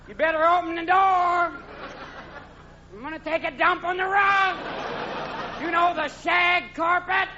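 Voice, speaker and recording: A man's voice: very high-pitched, steady tone, measured pace, long pauses, noisy background, pitched above the performer's own voice. A man voicing a pushy, demanding male house cat in a whiny, squealing voice. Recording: lo-fi live stage recording with crowd.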